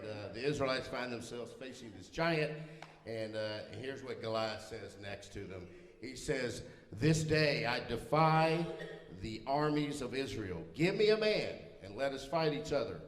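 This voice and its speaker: A middle-aged man preaching a humorous sermon in a church, telling self-deprecating personal stories in a folksy manner. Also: medium pitch. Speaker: pastor. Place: church sanctuary. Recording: roomy church hall reverb.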